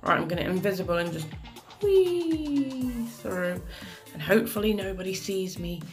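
A woman's voice: mid-range voice, expressive, normal speed, soft background music. A woman giving chatty, exasperated commentary over a game she is playing, with plenty of mild swearing. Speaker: gaming commentator. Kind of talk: live gameplay commentary.

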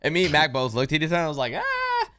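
A man's voice: on the high side, very fast, clear, resonant tone, no room sound. A young man in casual chat, telling a story with lots of acted-out quotes. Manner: animated storyteller, acts out quoted people. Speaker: podcast co-host. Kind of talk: casual storytelling among friends.

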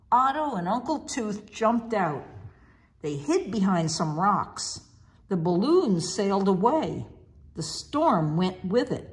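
Slow expressive woman reading a storybook. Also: medium pitch. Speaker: narrator.

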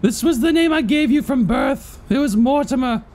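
A man's voice: very high-pitched, normal speed, a little mellow. A man voicing a prim, doting British mother with a put-on British accent, gushing and exclamatory in game role-play.

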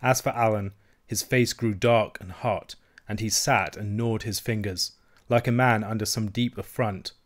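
A man narrating a classic novel as an audiobook reader, with steady, measured reading. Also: lowish voice. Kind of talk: scripted narration.

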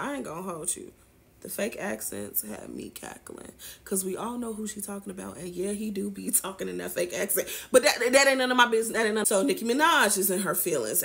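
A woman's voice: mid-range voice, fairly bright tone. A woman hosting a celebrity gossip show, chatting casually and sassily straight to her viewers. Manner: sassy, chatty, speaks straight to viewers with slang. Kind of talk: casual commentary.

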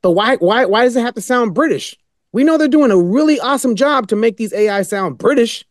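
A man's voice: very high voice, expressive, fairly quick, no echo, clean studio sound. A man speaking as a podcast guest, rambling and emphatic in casual storytelling. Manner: rambling, many fillers and restarts, emphatic.

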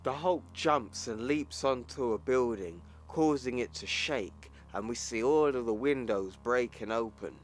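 Slangy male YouTuber recapping comics, mid-pitched, faint music bed. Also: measured pace, few pauses. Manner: casual, slangy, swears. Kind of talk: casual comic book recap.

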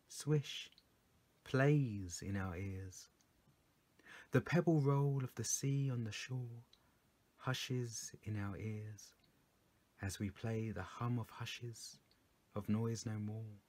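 A man reading his poems aloud for children, coaching listeners to join in and swinging from loud calls to soft whispers. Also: lowish voice. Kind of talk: performance poetry reading for children.

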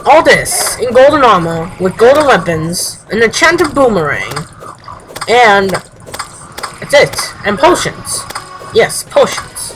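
A young man giving casual let's-play commentary, excitable and swearing often, jumping into high exclamations. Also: slow pace, background noise. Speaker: gameplay commentator.

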